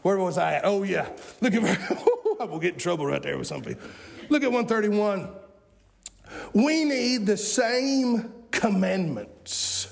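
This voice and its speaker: A man in his forties preaching a sermon in a folksy way that rises into shouting. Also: high-pitched, expressive, a little fast, creaky. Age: 40s. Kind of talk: fiery sermon.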